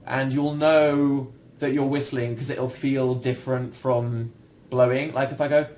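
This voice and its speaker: A man's voice: medium pitch, flat delivery, a little slow, a little mellow, a little hiss or hum. A young man hosting a casual livestream, answering viewers in a rambling, self-deprecating way with dry humor. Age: young adult. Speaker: livestream host.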